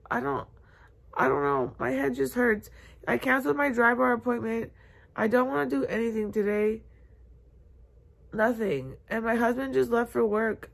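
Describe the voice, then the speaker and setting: A young woman in her twenties talks to her phone camera from bed, upset and on the edge of tears. Her voice sits a little high. She stumbles through her thoughts in a halting, confessional way, filling gaps with "like" and "um". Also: gravelly. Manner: tearful, halting, many fillers. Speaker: vlogger. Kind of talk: confessional vlog. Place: bedroom, in bed.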